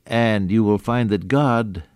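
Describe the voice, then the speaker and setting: A man's voice: on the low side, slow pace, a little mellow, smooth, no echo, studio quality. A man preaching a sermon, telling stories and explaining scripture in a conversational way with rhetorical questions. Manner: conversational storytelling with Greek word study.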